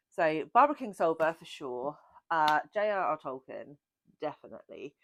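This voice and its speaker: A woman's voice: low voice, very animated, normal speed, dry recording. A woman hosting a book channel, chatting casually and self-mockingly through a Q&A. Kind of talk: casual Q&A chat.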